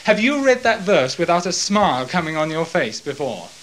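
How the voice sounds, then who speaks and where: A man's voice: fairly high pitch, moderate pace, slight background noise, low-quality recording. A man preaching verse by verse, breaking off to comment and dramatizing the scene. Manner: animated, dramatizes the scene and quotes voices. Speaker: Bible teacher. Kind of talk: verse-by-verse Bible exposition.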